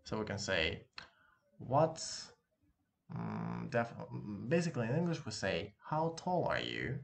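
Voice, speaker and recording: A man's voice: medium pitch, very animated, takes it slowly, gravelly. A man with a Russian accent, a native Russian speaker, teaching a casual online language lesson and patiently repeating words for practice. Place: room with open window, street noise behind.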